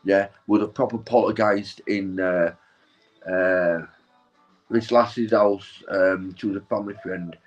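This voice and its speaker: A man's voice: low-pitched, fairly even intonation, slow pace, muffled recording, soft background music. A young man, stoned and rambling through a sweary, casual story, checking in with his listener all the time. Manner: sweary, keeps tagging "right?" and "mate". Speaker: vlogger.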